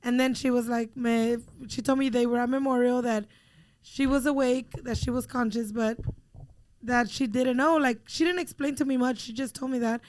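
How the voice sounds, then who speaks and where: Casual storyteller mom, high voice, dry close sound, lively and blunt with curse words. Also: female voice, moderate pace, no echo. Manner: animated, swearing freely, slips into Spanish. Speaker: mother telling a family story.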